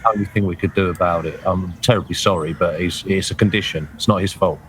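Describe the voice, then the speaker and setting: A man's voice: sits low, fairly even intonation, quick pace, a little hiss or hum, rough recording. A man playing a tabletop game, polite and mock-formal in character. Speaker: player. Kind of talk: tabletop role-play.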